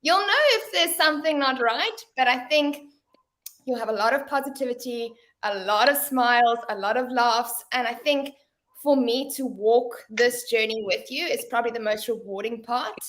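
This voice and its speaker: A woman's voice: on the high side, normal speed, a bit bright. A woman, a fitness coach, speaking upbeat and friendly about her coaching style, laughing easily. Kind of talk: panel talk.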